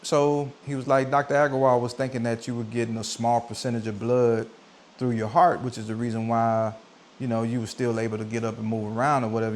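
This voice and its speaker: A man in his forties telling a personal story in a relaxed sit-down vlog, talking conversationally and getting animated when he acts out what people said. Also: medium pitch, slight background noise. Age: 40s. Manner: conversational, animated when quoting himself and others. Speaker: vlogger. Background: soft coffeehouse music.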